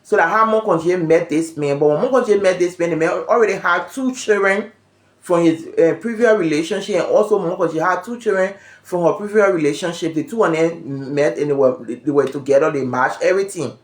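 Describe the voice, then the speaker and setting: A woman's voice: lowish voice, fairly quick, roomy sound. A woman, hosting a casual gossip chat from home on her phone and telling the story with voiced quotes. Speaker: vlog host.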